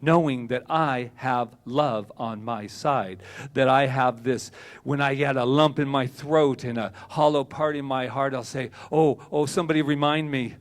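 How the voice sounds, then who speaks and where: A man preaching a sermon to a church congregation, animated, swinging between loud bursts and quiet asides. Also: medium pitch, measured pace. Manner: animated, acts out quoted voices, swings loud and soft. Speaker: minister. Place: church service hall.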